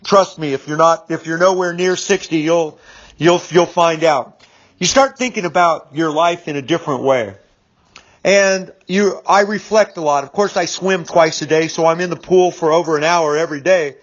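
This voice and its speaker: A man's voice: on the high side, moderate pace. A man in his fifties telling a personal story in a casual, rambling monologue, repeating words and using lots of fillers. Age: 50s. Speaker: business speaker. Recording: dull lo-fi recording.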